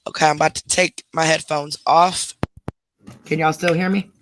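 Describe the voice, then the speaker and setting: A woman's voice: low-pitched, steady tone, moderate pace, slight background noise. A woman hosting a casual live chat from her bedroom at home, stopping often to scold and coo at her puppies. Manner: chatty, scolding her puppies mid-talk. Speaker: live stream host. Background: puppies moving about.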